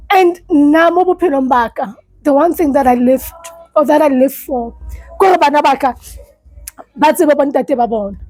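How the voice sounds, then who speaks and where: A South African woman, a life coach, giving an earnest, halting personal testimony in a support session and often repeating herself. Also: sits high, darkish tone, no echo, poor audio.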